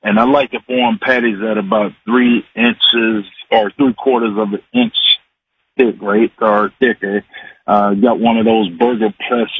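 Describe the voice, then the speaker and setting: A man's voice: on the low side, fairly even intonation, a little slow, slightly rough. A man in his forties calling in to a radio show, chatting in a folksy, rambling way with lots of fillers. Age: 40s. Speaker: regular guest, sports and recipe commentator. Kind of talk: casual radio chat. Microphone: phone call-in. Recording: tinny phone line with faint hiss.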